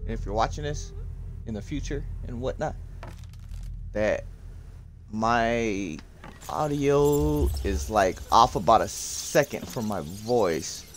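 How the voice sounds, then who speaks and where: A man's voice: medium pitch, lively intonation, slow, pauses often, a little hiss or hum. A young man live-streaming a horror game, swearing constantly and screaming when startled. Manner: profane, jumpy, screams in fright.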